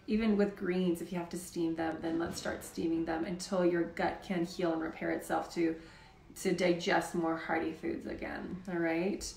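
A woman's voice: fairly low pitch, level tone, moderate pace, vocal fry, darkish tone, reverberant, slight background noise. A woman hosting a live health Q&A, talking in a casual, chatty way with lots of "like". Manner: chatty, says "like" often. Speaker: health show host.

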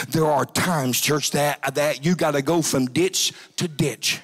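A man preaching a revival sermon in a church, shouting and rising to high cries. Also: a little slow, few pauses. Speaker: pastor. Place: church sanctuary.

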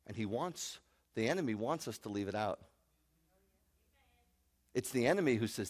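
A man's voice: medium pitch, sing-song, fairly quick, fairly bright tone. A man, a rabbi, preaching a sermon in an emphatic, joking way, recorded in a sanctuary with long reverb. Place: congregation sanctuary.

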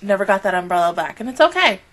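Young woman chatting about an anime, bright sharp voice, laughs a lot, lots of slang, gets squealy then goes real quiet. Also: medium pitch, fast. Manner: animated, laughs often, slangy, swings between loud squeals and soft murmurs. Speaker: anime reaction channel host. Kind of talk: casual reaction review.

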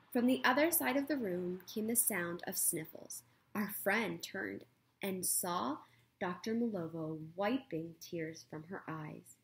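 A woman reading a children's book aloud in an expressive, playful way, correcting her own slips as she goes. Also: mid-range voice, measured pace. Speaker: reader.

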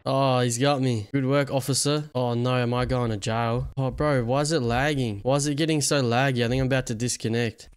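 A man's voice: mid-range voice, steady tone, brisk, few pauses, clear, resonant tone. Joking Australian man on game chat. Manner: joking, laughing banter. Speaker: game streamer. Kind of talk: gaming voice chat.

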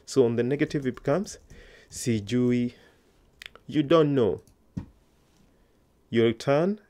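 Guy teaching a language class online, patient, keeps asking you to answer out loud. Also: medium pitch, takes it slowly. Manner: patient, coaxing learners to answer aloud.

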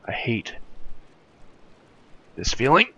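A man's voice: slow pace, sharp tone, lo-fi sound, slight background noise. A young man commentating a video game, nervous and jumpy, swearing often and laughing anxiously. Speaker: gamer. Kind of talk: let's play commentary.

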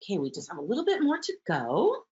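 A woman teaching early childhood, talking warmly about picture books and reading them aloud. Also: medium pitch, wildly swooping pitch, quick pace. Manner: warm, gentle, enthusiastic teacher, with soft fillers. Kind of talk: webinar talk with book read-alouds. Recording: muffled webinar audio.

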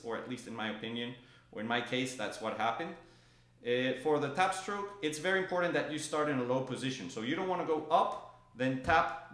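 A man's voice: mid-range voice, fairly bright tone. A man teaching drum technique in an echoey room, his voice ringing off the walls. He explains each motion patiently and calls out stroke names in time as he plays. Drums sound behind him. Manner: calls out stroke names rhythmically while playing. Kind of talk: instructional demonstration. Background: drum playing.

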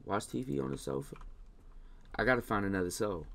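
A man giving casual let's-play commentary on a game, talking to the characters, slangy, with loud scolding bursts. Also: fairly low pitch, brisk, gravelly. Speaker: gaming YouTuber.

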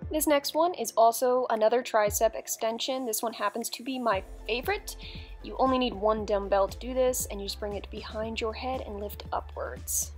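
A young woman with a voice a little on the high side explains a dumbbell routine in a chatty, upbeat voice-over. She keeps it instructive but friendly, like talking to her followers, while faint music plays underneath. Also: normal speed. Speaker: fitness vlogger.

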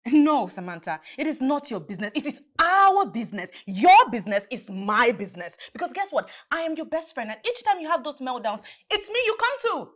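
An actress playing an exasperated best friend with a Nigerian accent, who lectures with tough love. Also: female voice, high-pitched, very animated, fairly quick, hardly any pauses.

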